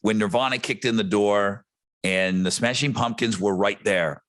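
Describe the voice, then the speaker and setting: A man co-hosting a music podcast, talking in a rambling, excitable way with frequent restarts. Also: lowish voice, normal speed, no room sound. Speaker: podcast co-host. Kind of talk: casual chat.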